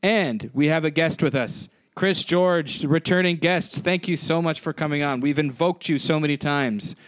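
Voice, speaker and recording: A man's voice: a little high, moderate pace, no room sound. A young man co-hosting a podcast, talking casually with apologetic, rambling restarts. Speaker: podcast co-host.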